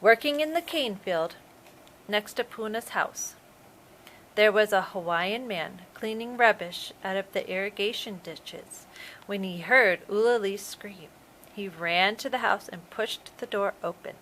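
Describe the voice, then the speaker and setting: Preschool teacher lady reading a picture book out loud, slow and expressive, bright voice. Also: mid-range voice, slight background noise, low-quality recording. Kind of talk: storybook read-aloud.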